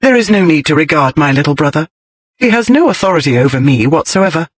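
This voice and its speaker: A man voicing a composed young lady who speaks crisply and teases with dry wit. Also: fairly high pitch, very animated, quick pace, no echo. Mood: cool teasing. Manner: crisp, poised, dryly teasing. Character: composed, witty young lady, cool and teasing.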